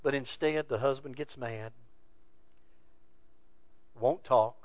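A male pastor preaching a sermon, earnest and exhorting, his voice swinging from soft to loud. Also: mid-range voice, slow, long pauses, no echo.

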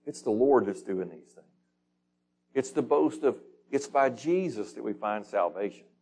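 A man's voice: medium pitch, lively intonation, a little slow, mellow. A man leading a Bible study, reading scripture aloud and putting questions to the group in a casual, conversational teaching manner.

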